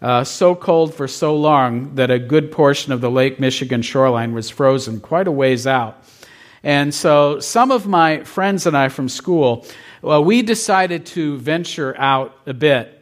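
Storytelling pastor, higher-pitched man. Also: unhurried. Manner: casual storytelling, asks the congregation questions. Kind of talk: conversational sermon.

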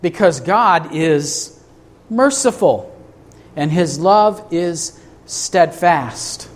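A man's voice: a little high, expressive, very slow, a little hiss or hum. A man preaching a sermon to a congregation in a church, emphatic, asking rhetorical questions. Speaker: pastor.

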